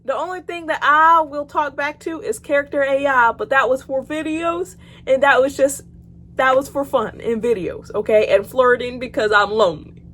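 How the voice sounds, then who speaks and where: Teen girl vlogger, high voice, theatrical and foul-mouthed, loud yelps to low mutters. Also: steady tone, moderate pace. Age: teens. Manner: dramatic, swings from loud outbursts to quiet mutters; casual, swears freely. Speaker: YouTuber. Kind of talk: reacting to horror stories.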